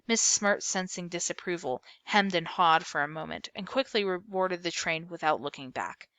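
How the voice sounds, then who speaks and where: A woman reads a novel aloud in a steady storyteller manner, now and then correcting herself. Her voice sits low yet sounds bright and clear, recorded close and dry. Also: moderate pace, dry recording. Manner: steady read-aloud with small slips and self-corrections.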